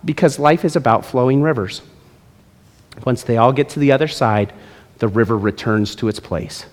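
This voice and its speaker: A man's voice: medium pitch, normal speed. A male pastor preaching a sermon in a church, with emphatic delivery and playful asides. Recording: long hall reverb.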